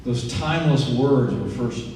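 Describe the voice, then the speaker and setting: A man's voice: mid-range voice, a little slow, darkish tone, slight background noise. A man in his sixties from Indiana giving a campaign speech, telling earnest stories with folksy asides. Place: event venue, large indoor room. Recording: echoey hall, distant mic.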